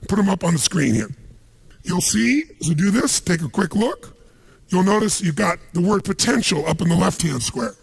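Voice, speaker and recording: Gravelly husky american guy pumping up a big seminar crowd, commanding, keeps firing calls back at the room, a bit higher pitched than most men. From United States. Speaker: motivational speaker. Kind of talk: stage seminar talk to a live audience. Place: large seminar hall.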